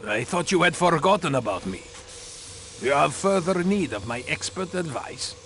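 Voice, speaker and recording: An indignant proud doctor. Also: male voice, on the high side, sing-song, moderate pace, fairly bright tone, a little hiss or hum. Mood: haughty. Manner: indignant, protests innocence.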